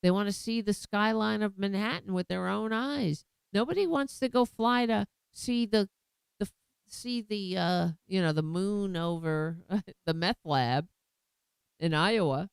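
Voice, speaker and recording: A woman's voice: mid-range voice, unhurried, vocal fry, smooth, no echo. An American woman hosting a political commentary vlog, talking in a sarcastic, mocking and rambling way. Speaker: host.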